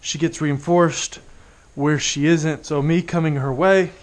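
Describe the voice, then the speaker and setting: Soft-spoken man coaxing a bird outdoors. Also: on the high side, fairly even intonation, unhurried. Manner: quiet, patient, coaxing the bird between remarks. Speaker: falconer training a hawk. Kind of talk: casual vlog narration while working outdoors. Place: outdoors among trees.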